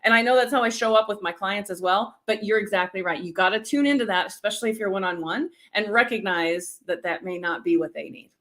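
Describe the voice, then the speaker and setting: A middle-aged woman from the United States, an energetic speaking coach teaching a live-stream lesson and checking in often with the viewers. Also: medium pitch, quick pace, hardly any pauses.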